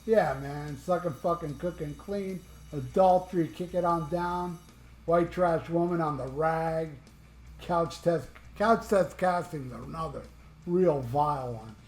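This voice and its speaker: A high-voiced middle-aged man from Florida rambles with excitement about his albums, swearing as he goes. He sounds like he's in an echoey room, with faint guitar music behind him. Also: a little slow. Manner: rambling, enthusiastic, swears freely. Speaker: music vlogger. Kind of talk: casual chat.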